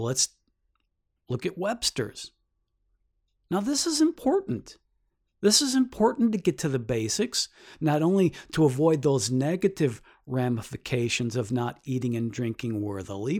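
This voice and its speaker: A man gives a Bible lesson, explaining things earnestly and posing rhetorical questions. Whenever he wants to stress a point, his pitch shoots sharply upward.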